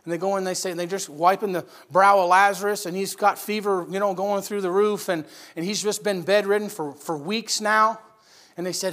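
A male preacher with a notably high voice walks his listeners through a scripture story. He asks them rhetorical questions as he goes. He swings between loud emphasis and hushed lines. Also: fairly even intonation, fairly quick. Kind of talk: expository sermon.

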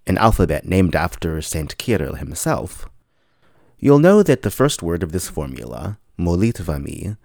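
Low-voiced guy reading a podcast lesson, lively ups and downs, dry close mic. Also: creaky, dry recording. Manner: measured, explanatory, spells words out slowly. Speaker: podcast teacher. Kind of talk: scripted lesson narration.

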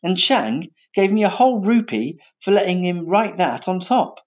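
A man's voice: sits high, big pitch swings, moderate pace, highs cut off, pitched above the performer's own voice. A man voicing a cheeky, scheming young elephant keeper with a breezy, innocent-sounding manner.

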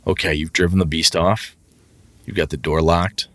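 A man chatting casually about running tabletop games, animated and profane, often acting out his players in a raised, excited voice. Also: low-pitched, moderate pace, no echo. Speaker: podcast co-host, game master.

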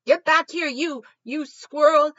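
A woman voicing a big, rude male dog who shouts at a squirrel, in a storybook read-aloud. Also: sits high, very animated, normal speed, no echo, muffled recording, pitched above the performer's own voice, full character voice. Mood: angry. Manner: loud, shouting.

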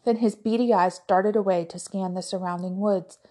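A woman narrating a fantasy novel aloud in an even, measured storytelling voice. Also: medium pitch. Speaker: audiobook podcast narrator.

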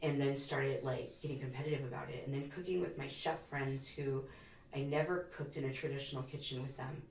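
Raspy-voiced woman, forties, podcast guest: candid and wry, slightly distant, roomy sound. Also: rumbling low, fairly even intonation, fairly quick, a little mellow, slight background noise. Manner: candid, rambling, self-deprecating humor. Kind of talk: casual interview conversation. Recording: roomy echo, a bit off mic.

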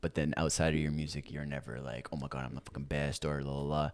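A man's voice: rumbling low, level tone, quick pace, background noise. A man hosting a podcast, talking casually with fillers and a lot of swearing. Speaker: podcast host. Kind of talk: casual chat.

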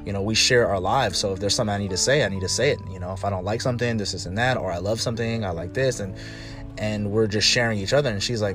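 Over faint background music, a man with a lowish voice talks quickly and casually about relationships, telling animated stories and mimicking what other people said.

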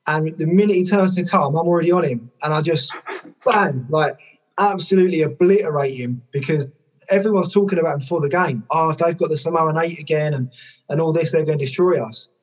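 A man, a former rugby player and coach, telling stories in a podcast conversation, lively, with lots of "like" fillers and casual swearing. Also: fairly high pitch, fairly quick. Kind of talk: conversational storytelling.

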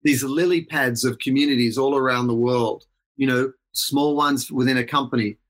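A man's voice: mid-range voice, steady tone, normal speed, fairly bright tone. A middle-aged Australian man in a casual interview, talking reflectively and rambling with restarts. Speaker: guest.

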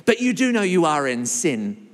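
A man putting on a preachy American churchgoer. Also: big pitch swings. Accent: American, put on. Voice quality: high, sing-song, drawn-out. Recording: long hall reverb.

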